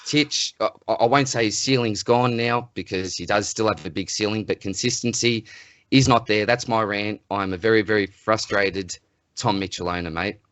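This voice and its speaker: Australian male podcast co-host, low voice, dry close sound, animated ranter. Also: normal speed, dry recording. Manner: animated ranting, exasperated. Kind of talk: casual sports podcast chat.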